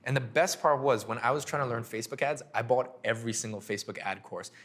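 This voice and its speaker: A young man telling his business story in an interview, animated and full of fillers, acting out conversations. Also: medium pitch, quick pace. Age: young adult. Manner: animated, filler-heavy, acts out dialogue. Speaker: agency owner guest.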